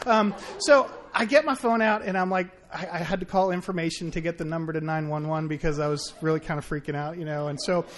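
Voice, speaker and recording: A man with a notably high voice tells a personal story at a faith gathering. He rambles and restarts constantly, piling up fillers as he goes, and his delivery is animated throughout. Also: quick pace, few pauses, a little hiss or hum. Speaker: friend sharing a story.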